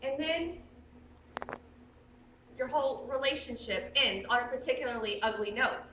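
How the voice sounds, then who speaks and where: A woman's voice: sits high, normal speed, sharp tone, slight background noise. A young woman playing a male musical-theatre fan who confides chattily in the audience, on a school stage. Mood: confiding. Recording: echoey stage audio from far off.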